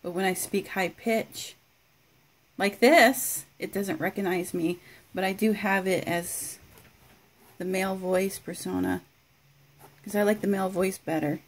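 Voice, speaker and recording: A woman's voice: medium pitch, fairly even intonation, moderate pace. A woman giving a casual home review of a smart speaker, talking to it with dry amusement. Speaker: product reviewer.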